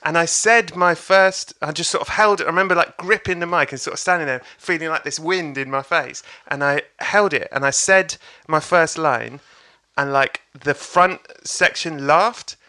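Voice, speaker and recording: A man, telling a lively sweary story in casual chat. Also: a little high, normal speed, hardly any pauses. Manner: animated, swears, acts out crowd voices. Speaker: comedian guest.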